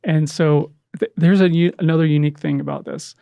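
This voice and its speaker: A middle-aged man talks through a heartfelt story, his voice a little higher than most men's and carrying a gravelly rasp. He stops and restarts often, searching for words in an earnest, halting way. The sound is dry and close, with no room echo. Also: fairly even intonation, warm tone. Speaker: podcast guest, adoptive father. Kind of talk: emotional storytelling in conversation.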